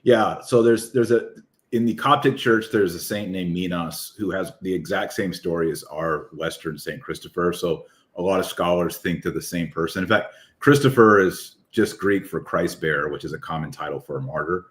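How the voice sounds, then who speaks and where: A man with a deep voice, talking as an author guest in an enthusiastic, rambling podcast chat. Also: normal speed. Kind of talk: casual podcast conversation.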